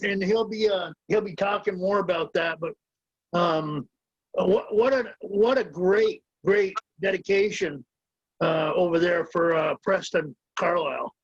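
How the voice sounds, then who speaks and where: A man co-hosting a casual sports talk show, halting and filler-heavy. His voice sits high, recorded dry and close. The sound is dull and lo-fi. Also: husky, dry recording. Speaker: co-host.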